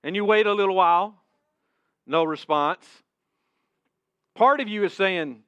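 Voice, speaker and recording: A male preacher tells a sermon story in the second person and drops to a hush at key points. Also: sits high, measured pace, pauses often, dry recording. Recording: dull, dry sound.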